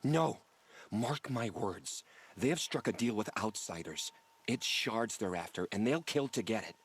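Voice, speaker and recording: A man voicing a robbed herb gatherer in a video game, excitable and complaining, with faint game music behind. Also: lowish voice, measured pace, breathy edge, exaggerated voice. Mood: ominous. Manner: excitable, complaining, breathless rants.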